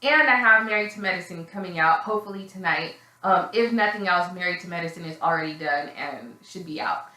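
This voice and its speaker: A woman's voice: brisk, few pauses, sharp tone. Blunt, sarcastic woman in an echoey room. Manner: blunt, sarcastic, swearing freely; acts out quoted voices in a high, shrill tone. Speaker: reality TV reviewer. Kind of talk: casual recap vlog.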